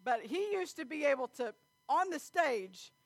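A woman's voice: high voice, big pitch swings, a little slow, no room sound, faint music behind. A woman preaching a folksy sermon, telling family stories and reading scripture. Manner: folksy storytelling with Bible reading, laughs often.

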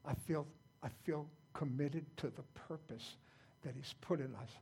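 A man's voice: on the high side, moderate pace, a little mellow, breathy edge. An older man preaching an informal sermon as the founder of his church, plain-spoken and folksy, often repeating himself.

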